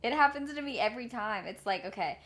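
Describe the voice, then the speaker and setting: A fairly high-pitched, slightly bright voice belongs to an expressive, fast-talking woman in her twenties. She co-hosts a podcast from a remote call, chatting casually in a blunt, self-mocking manner full of swear words.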